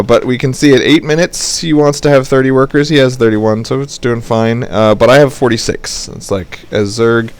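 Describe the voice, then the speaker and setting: A young man giving casual, joking commentary over a strategy game at his computer, explaining tactics. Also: clean tone. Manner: joking, playful, jumps into high squeaky voices when quoting. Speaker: game caster and coach.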